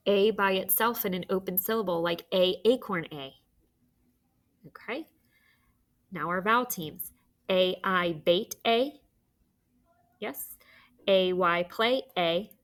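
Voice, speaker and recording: Slow, patient woman teaching phonics. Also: mid-range voice. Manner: patient, encouraging, dictates words slowly. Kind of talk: phonics lesson for young students.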